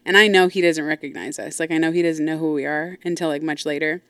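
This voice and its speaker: A woman's voice: low voice, fairly even intonation, quick pace, a bit bright, clear, resonant tone, no echo. A woman host telling a personal story casually, blunt and profane, with lots of asides. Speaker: podcast host.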